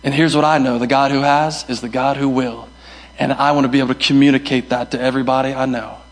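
A man's voice: mid-range voice, level tone, fast. A young male pastor preaching a sermon, emphatic and repeating his key phrases. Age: young adult. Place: church hall.

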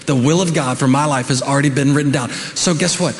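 A middle-aged man preaching a sermon as pastor, animated, building to shouts, with joking asides. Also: medium pitch, fast talker. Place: church sanctuary. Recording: echoey church hall with long reverb.

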